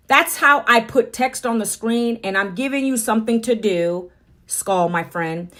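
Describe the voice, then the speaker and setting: A woman's voice: high-pitched, a bit bright. A middle-aged woman hosting a casual livestream, chatty and upbeat, talking straight to her viewers on her phone. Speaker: livestream host.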